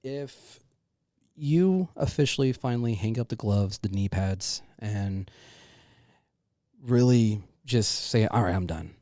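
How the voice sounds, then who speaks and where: A man's voice: fairly low pitch, expressive, takes it slowly, warm tone, no echo, clean studio sound. A man hosting a casual podcast interview, talking in a loose, effusive way, swearing freely and saying "dude" again and again. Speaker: podcast host.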